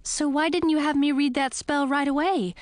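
A woman's voice: high-pitched, steady tone, moderate pace, no room sound, pitched above the performer's own voice, close to an everyday voice. The speaker is doing an eager young frog girl. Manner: eager, wide-eyed questions.

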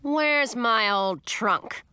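A woman's voice: drawn-out words, sharp tone, smooth, dry recording, heavily acted. A woman voicing a cranky, bossy old witch grandmother who barks and sneers in a storybook reading. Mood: scornful. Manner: barking, scornful, shrill at times.

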